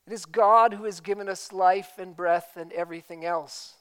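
A man's voice: high-pitched, fairly even intonation, normal speed, hardly any pauses, a bit bright, clean tone, low-quality recording. A man preaching a sermon as pastor, emphatic and full of rhetorical questions.

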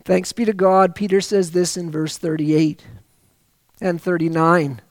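Guy preaching, pretty high voice, fired up, slows down to hammer points home. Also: little pitch movement, no echo. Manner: impassioned, swells loud on key phrases, slows for emphasis; reads scripture aloud within the preaching. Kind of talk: sermon.

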